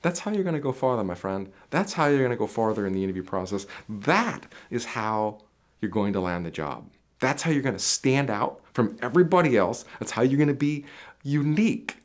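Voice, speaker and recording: A man's voice: medium pitch, very animated, brisk. A man coaching viewers on job interviews in an emphatic, repetitive advice monologue that speaks straight to the listener.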